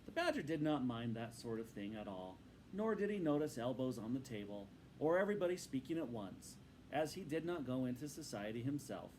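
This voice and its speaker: A man reading a storybook aloud to his students in a patient, instructive and expressive way. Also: mid-range voice, fairly quick, slight background noise, rough recording.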